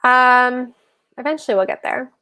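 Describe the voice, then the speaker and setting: A woman's voice: sits high, moderate pace, bright, forceful tone. A woman hosting a casual livestream explainer on personal finance, chatty and self-correcting, often addressing her viewers as y'all. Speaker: host of a live personal-finance session.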